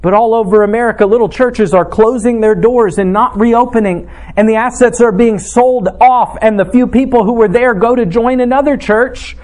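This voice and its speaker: A man with a notably high voice preaches to his congregation in a church. He delivers his sermon earnestly and with emphasis, weaving in scripture quotations. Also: normal speed, hardly any pauses, a little mellow. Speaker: pastor.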